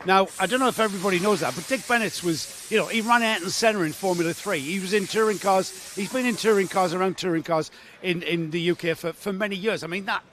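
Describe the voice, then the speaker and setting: Male trackside host, slightly high voice, enthusiastic and chatty, faint outdoor noise. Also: fast, hardly any pauses, fairly bright tone. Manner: enthusiastic, chatty, rambling questions. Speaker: trackside presenter. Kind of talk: live pit-lane interview.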